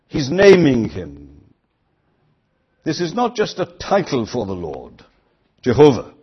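A man's voice: a little high, husky, dull audio. An older man preaching a sermon, earnest, rising to emphatic quoted lines.

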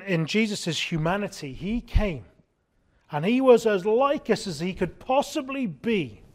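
A man preaching a sermon in an earnest way, often asking his congregation rhetorical questions. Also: high-pitched.

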